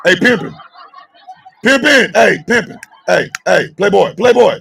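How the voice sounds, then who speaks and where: Man, radio show host, high raspy voice, loud mocking comedic rant, a bit off-mic. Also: a little slow. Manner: shouting, mocking, excitable riffing.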